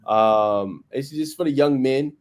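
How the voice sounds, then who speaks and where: Male podcast host, mid-pitched voice, playful and conversational, casual chat. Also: takes it slowly. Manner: playful, conversational, peppered with "you know what I'm saying".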